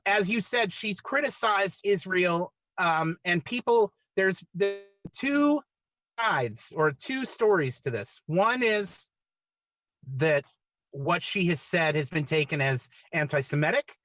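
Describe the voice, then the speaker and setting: A man with a fairly high, bright, tense voice who stumbles through his questions, repeating words and hedging. The sound is dry and close, with no room echo. He speaks as a casual podcast host. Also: expressive, slow. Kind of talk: casual chat, asking questions.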